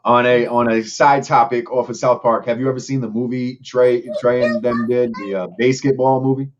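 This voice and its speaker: A man hosting a casual interview, relaxed and easygoing, with quick agreeing replies. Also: mid-range voice. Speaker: host. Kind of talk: casual chat. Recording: muffled lo-fi audio.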